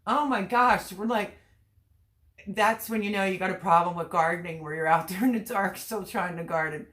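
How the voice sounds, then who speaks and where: A woman with a mid-range, slightly bright voice hosts a casual livestream at a moderate pace, reading out chat comments. She's teary and laughing through her words, picked up by a webcam or phone mic.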